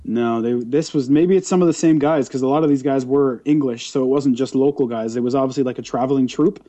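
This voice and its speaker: In casual podcast chat, a male co-host rants fast and animatedly at a medium pitch. He keeps slipping into mocking impressions.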